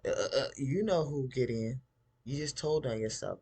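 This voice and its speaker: A man's voice: mid-range voice, moderate pace, slightly rough. Chatty man recapping a TV episode. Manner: chatty, animated, acts out character quotes. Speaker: TV show recap host.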